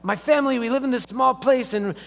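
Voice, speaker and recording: A man's voice: very high voice, fairly quick, creaky, voice pushed up. A man voicing a desperate poor family man who complains in a strained voice, heard with the long reverb of a church hall. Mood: miserable.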